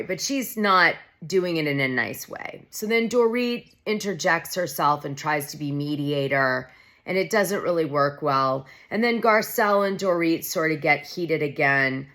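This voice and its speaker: With a low, somewhat bright voice and lively intonation, a woman vlogger talks a little slowly as she recaps a reality show. She's gossipy and opinionated, keeps it casual and chatty, and leans heavily on "like."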